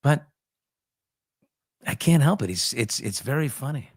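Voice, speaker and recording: A man in his fifties hosting a chat show, telling stories animatedly and jumping up in pitch for emphasis. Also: expressive, brisk, gravelly, breathy edge, dry recording. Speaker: host. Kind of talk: casual chat show storytelling.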